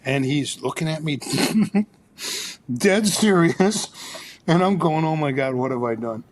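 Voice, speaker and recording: Man, podcast guest, higher-pitched voice, animated anecdotal storyteller who restarts his sentences often. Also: takes it slowly, a little hiss or hum. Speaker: psychologist and author, guest.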